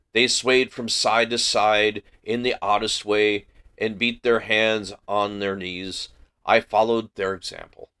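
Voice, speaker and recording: A man hosting a book club livestream, reading a classic novel aloud in a careful, measured way. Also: medium pitch, a bit bright.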